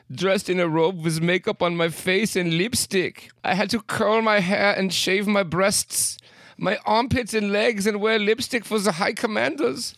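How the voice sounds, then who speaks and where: A man's voice: fairly bright tone, dry recording. A man voicing an ashamed young German male captive in a put-on German accent. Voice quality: high-pitched put-on voice.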